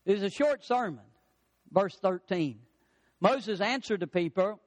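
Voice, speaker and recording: Preaching at a normal speed, this male pastor has a voice that sits high and sounds like it fills a big room. He builds emphatic repeated lines that rise in intensity and performs the quotes he relates.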